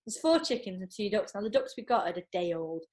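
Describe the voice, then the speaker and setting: A woman talks casually as a podcast guest. Her voice sits in a middle pitch. She tells stories in an animated, chatty way, full of fillers and quick laughs. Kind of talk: casual chat.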